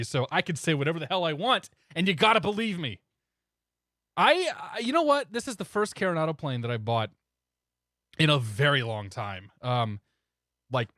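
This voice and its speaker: Lively-voiced man streaming casually. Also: mid-range voice, no room sound, clean studio sound. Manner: relaxed, chuckling, thanks viewers by name. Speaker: flight sim streamer. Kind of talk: casual live-stream chat.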